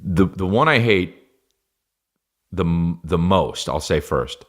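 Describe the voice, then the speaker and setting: A low-voiced man hosts a podcast in a loose comedic rant. He swears constantly, stumbles over his words and circles back on his points. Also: lively intonation, slow pace. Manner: profane, rambling, stammers and restarts. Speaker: podcast host.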